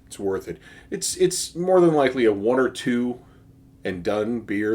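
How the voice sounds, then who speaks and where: A man's voice: deep voice, darkish tone, slight background noise. A man giving a casual, enthusiastic beer tasting review, speaking with frequent fillers and restarts.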